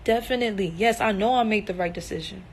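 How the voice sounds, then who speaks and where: A woman's voice: mid-range voice, fast talker, a little hiss or hum, low-quality recording. A young woman in a distressed, emotional livestream monologue, earnest and emphatic, repeating herself and swearing.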